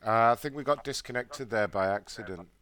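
Smooth-voiced man making prank calls. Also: mid-range voice, a little fast, a bit bright. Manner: teasing, crude and swearing. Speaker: prank caller host. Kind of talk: prank phone call.

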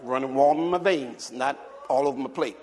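A male pastor preaching a sermon, telling a chatty story full of restarts and rising to shouted calls for the congregation to repeat. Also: medium pitch, moderate pace, a little hiss or hum. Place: church. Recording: long hall reverb.

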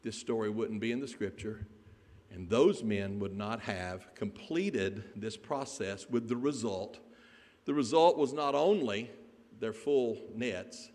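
A man preaching a sermon, telling a Bible story in an animated way and putting questions to the congregation. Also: fairly low pitch, takes it slowly. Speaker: pastor. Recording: echoey hall.

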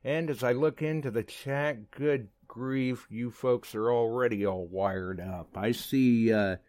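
A man hosting a live radio show, chatting excitably with big pitch jumps and quick asides. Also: dry recording, clean studio sound.

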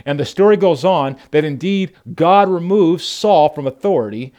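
Animated male preacher telling a story. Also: a little high, moderate pace, hardly any pauses. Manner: animated storytelling, addresses listeners as folks. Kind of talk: sermon.

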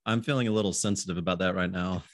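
Laid-back man hosting a podcast, low voice. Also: quick pace, dry recording, studio quality. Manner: easygoing, laughs often, restarts phrases. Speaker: podcast host. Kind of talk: casual podcast chat.

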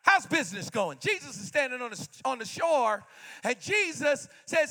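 A young man in his twenties preaching a sermon with fervor, repeating refrains and often shouting out lines. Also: very high-pitched, very animated, moderate pace.

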